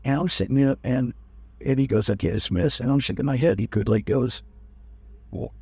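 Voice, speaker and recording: A man's voice: medium pitch, fairly even intonation, fairly quick, a little mellow, husky, dry recording. An older man telling a rambling personal story in casual talk, acting out the people he quotes. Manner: rambling, acts out quoted officers. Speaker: guest telling his life story.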